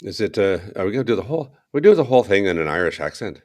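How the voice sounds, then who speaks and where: A man's voice: on the low side, very animated, racing. A man co-hosting a tech podcast, chatting casually with wry, sarcastic asides. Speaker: podcast co-host.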